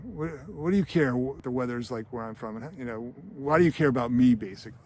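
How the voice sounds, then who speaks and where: Menacing male killer, flat and probing, close to the teller's own voice, as a man acts him out. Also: mid-range voice, fast, a little hiss or hum, lightly acted. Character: cold menacing male hitman questioning a clerk.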